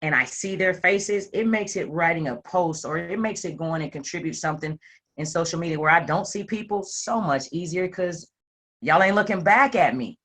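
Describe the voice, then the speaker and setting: A woman sharing her experience with a group in a relaxed, colloquial way. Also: on the low side, moderate pace. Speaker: group member. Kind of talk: casual sharing in a group session.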